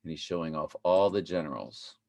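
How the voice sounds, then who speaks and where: A man hosting a commentary video, rambling and halting as he talks to his viewers. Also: rumbling low, a little mellow. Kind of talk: casual commentary over clips.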